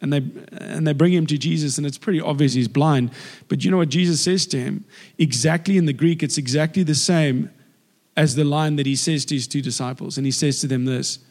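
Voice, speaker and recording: Male preacher, animated and chatty, slightly high voice, reverberant church hall. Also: a little fast. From South Africa. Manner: lively, acts out the people in the story. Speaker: guest preacher. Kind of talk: conversational sermon.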